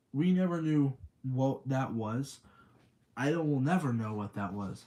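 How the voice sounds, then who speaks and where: Rambling young man, mellow voice. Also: mid-range voice, expressive, unhurried. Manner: rambling, chatty, reads chat aloud. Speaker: streamer. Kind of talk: casual storytelling on a livestream.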